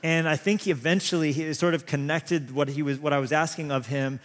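A man's voice: fairly high pitch, fairly even intonation, a little fast. A man in his thirties preaching a sermon, telling rambling, self-deprecating stories full of restarts. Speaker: pastor. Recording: long hall reverb.

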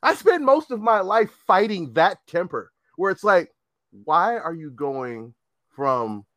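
Animated, profane man in his fifties. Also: high-pitched, slow, no echo. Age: 50s. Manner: animated, profane, laughing storyteller. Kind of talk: casual storytelling chat.

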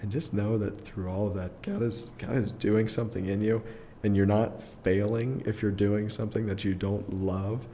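A young adult man, a podcast guest, telling a personal story in a casual, rambling way full of fillers and quick chuckles. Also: on the low side, steady tone, mellow, a little hiss or hum. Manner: rambling, filler-heavy, restarts often, chuckles through his story.

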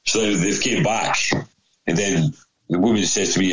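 Deep-voiced man spinning a sweary yarn. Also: steady tone, moderate pace, a crowd in the background, rough recording. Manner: sweary, rambling, laughing storyteller. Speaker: storyteller. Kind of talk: casual anecdote.

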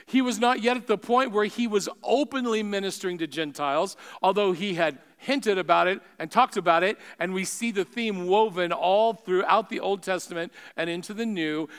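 A man preaching a sermon with emphatic delivery that swings between raised exclamations and hushed asides. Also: high voice, normal speed, hardly any pauses, clear, resonant tone.

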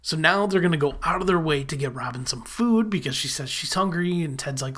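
Casual recap narrator, chatty, animated retelling, quick quoted lines. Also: mid-range voice. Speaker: sitcom episode recapper.

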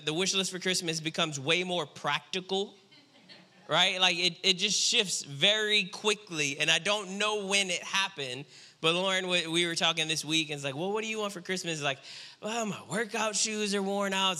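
A man in his thirties preaches from a church stage, spinning a comic family story. His voice sits high and rings bright and forceful, and he slips into playful voices for his kids. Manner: animated, jokey, acts out family voices. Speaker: pastor. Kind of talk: storytelling sermon.

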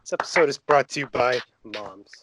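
A young man co-hosting a podcast, dropping dry deadpan quips in casual chat. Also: medium pitch, fairly quick, background noise. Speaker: podcast co-host.

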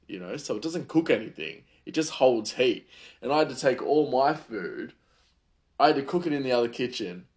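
A man, a chef, telling a heated, rambling story about his work, full of fillers and restarts. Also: mid-range voice. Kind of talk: casual storytelling monologue.

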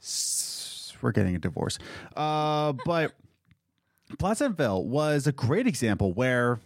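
A man's voice: mid-range voice, big pitch swings, takes it slowly, no echo, clean studio sound. A man co-hosting a casual talk show, speaking in a heated, rambling way with many restarts. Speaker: podcast co-host. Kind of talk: casual opinionated chat.

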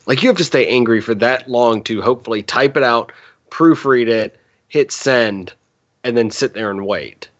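A man's voice: mid-range voice, normal speed. Guy co-hosting a podcast, rambly and laughy, kinda dull muffled sound. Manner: rambling, laughs and stumbles over words. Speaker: podcast co-host. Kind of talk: casual chat.

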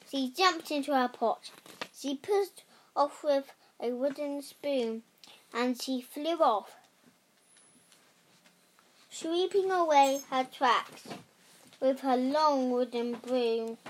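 A young girl reading a fairy tale aloud slowly and carefully. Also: high-pitched, slight background noise.

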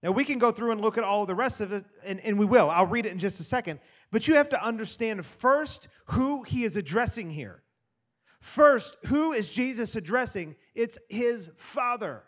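A man preaching a sermon in an animated way, swinging from loud emphasis to quiet asides. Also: high-pitched, normal speed. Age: adult parent. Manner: animated preaching, rising and dropping to soft asides. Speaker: pastor.

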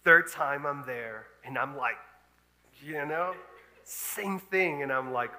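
A man in his thirties, a pastor, telling a story in an animated, laughing sermon style. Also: mid-range voice, slow, a little hiss or hum. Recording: long hall reverb.

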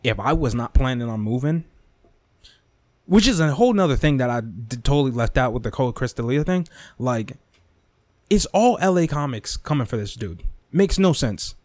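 A young podcast host delivers a casual rant monologue, animated, profane and repetitive, slipping into mock whispers and impressions. His voice is medium-pitched at a moderate pace, with no room sound.

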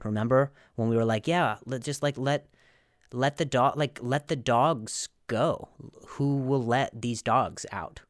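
This is a casual comedic monologue from a male podcast host with a mid-range voice, captured dry in clean studio sound. He meanders from joke to joke, fumbling words and laughing at his own lines.

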